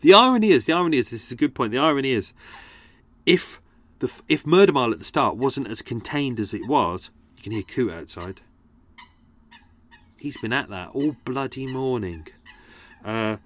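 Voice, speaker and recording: A man's voice: mid-range voice, dry recording. Male host, casual sweary ramble, slightly strained voice, dry sound. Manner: sweary, self-deprecating, chatty. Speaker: podcast host.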